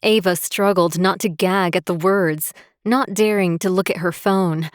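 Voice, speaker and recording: Woman, audiobook narrator, measured, unhurried, dry studio sound. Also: lowish voice, steady tone, no echo. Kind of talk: scripted narration.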